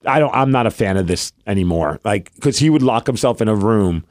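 A man's voice: on the low side, animated, a little fast, no room sound, studio quality. A man in his forties co-hosting a podcast, bantering and teasing in casual chat. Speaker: podcast co-host.

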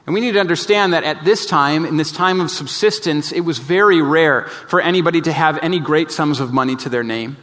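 A man delivers a sermon as pastor in a somewhat high voice, earnest and emphatic. He leans into his points and then falls to a soft, low tone to press them home. A long reverb from a large sanctuary trails after each phrase. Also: fairly quick, few pauses.

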